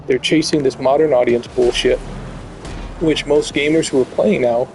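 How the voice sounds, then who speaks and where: A man's voice: medium pitch, steady tone, moderate pace, darkish tone, a little hiss or hum, poor audio. A man hosting a gaming channel, delivering blunt, profane, heated commentary over gameplay.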